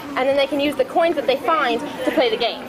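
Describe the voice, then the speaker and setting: Woman fair performer, eager, fast, high voice, crowd chatter behind. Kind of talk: in-character chat. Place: outdoor fair.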